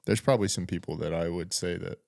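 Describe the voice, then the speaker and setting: A man's voice: deep voice, quick pace, gravelly, no echo, clean studio sound. A young man co-hosting a podcast, chatting casually and laughing often as he riffs on jokes. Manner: animated, jokey, laughs often. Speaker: podcast co-host. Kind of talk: casual chat.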